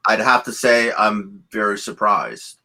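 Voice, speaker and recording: Low bright-voiced man. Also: unhurried. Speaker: DJ guest. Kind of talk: casual chat.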